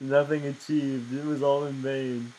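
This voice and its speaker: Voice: medium pitch, level tone, a little slow, warm tone, a little hiss or hum, low-quality recording. A friend watching a game session, teasing and amused. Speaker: gaming friend. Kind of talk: casual chat during gameplay.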